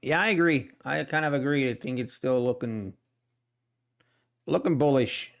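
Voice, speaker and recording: A man's voice: medium pitch, moderate pace, gravelly. A man hosting a live day-trading stream, chatting casually with viewers and thinking aloud about the market, often trailing off and restarting. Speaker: day trading livestream host.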